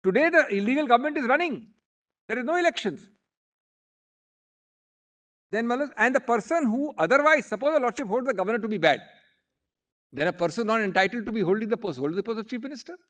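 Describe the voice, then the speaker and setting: A man's voice: very high voice, animated, fast, fairly bright tone. A man with an Indian English accent arguing formally and emphatically before a bench as a senior advocate, often addressing the judges as my lords. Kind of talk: courtroom argument.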